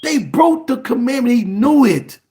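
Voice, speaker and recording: High, fiery preaching man. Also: lively intonation, normal speed. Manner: emphatic, repeats words, bursts into shouts. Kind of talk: fiery sermon.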